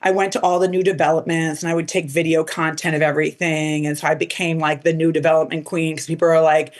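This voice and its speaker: A woman's voice: low voice, fast. A middle-aged woman as a podcast guest, telling casual stories full of "like" and quoting people in put-on voices. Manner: animated, quotes people in put-on voices, lots of "like". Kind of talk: casual storytelling interview.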